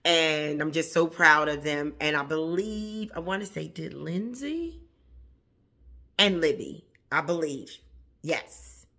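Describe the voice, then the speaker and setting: A woman's voice: low voice, lively intonation, takes it slowly, pushed and bright. A woman who hosts a plant channel, talking casually and encouragingly to her viewers, repeating phrases for emphasis and chuckling often. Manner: chuckles often mid-sentence. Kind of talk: casual motivational talk to viewers.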